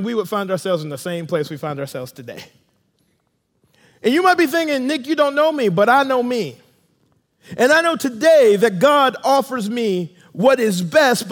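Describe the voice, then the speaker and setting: High-voiced preacher in a reverberant hall. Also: male voice. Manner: dynamic preaching, swinging from loud to hushed. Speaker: pastor. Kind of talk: sermon.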